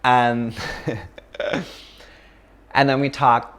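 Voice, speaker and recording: A man's voice: mid-range voice, flat delivery, extremely slow, a bit bright, clear, resonant tone. Chatty man teaching yoga. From Canada. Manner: chatty, many fillers, laughs often. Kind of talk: casual philosophy talk in a class.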